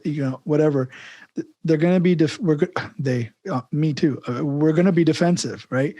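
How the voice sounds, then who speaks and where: A man hosting a casual podcast interview, with a voice a little higher than most men's. He rambles and restarts often, chuckling as he tells a long story. The sound is dry and close. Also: normal speed, mellow, no echo. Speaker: podcast host.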